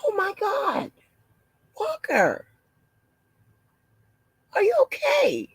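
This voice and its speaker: A woman doing a mocking impression of a shocked, over-concerned woman, gasping and breathy with drawn-out alarmed phrases. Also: extremely high pitch, wildly swooping pitch, dry recording, pitched above the performer's own voice, exaggerated voice. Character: shocked, fretful high-voiced woman, overly concerned.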